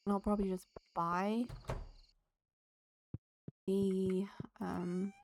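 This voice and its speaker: A woman's voice: medium pitch, fairly even intonation, slow, pauses often, a little mellow, a little hiss or hum. A woman streaming a farming game, chatting casually with her viewers and laughing often. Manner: chatty, giggly, talks to chat and the game. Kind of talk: casual live-stream chat while playing.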